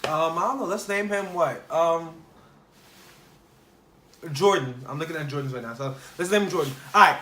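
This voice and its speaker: A young man with a bright, forceful voice tells a casual story straight to camera, animated and loose, with fillers everywhere. His pitch sits a bit high for a man. The room is echoey and faint music plays underneath. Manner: animated, quotes people in changed voices, many fillers. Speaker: vlogger.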